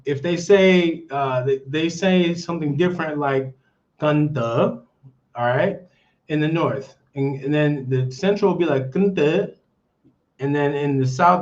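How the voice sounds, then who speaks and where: A man's voice: on the high side, a little mellow. A man with an American accent hosting a casual livestream, rambling and checking in with his viewers with "okay?" and "all right?". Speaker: livestream host. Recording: dull lo-fi stream audio.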